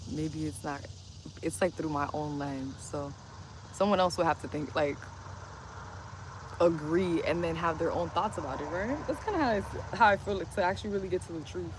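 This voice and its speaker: A woman's voice: sits low, normal speed. A woman livestreaming outdoors by a street, chatting casually and rambling, saying "like" constantly, into a phone. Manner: says "like" constantly, loose and rambling. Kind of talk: casual rambling stream chat. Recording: loud outdoor street noise.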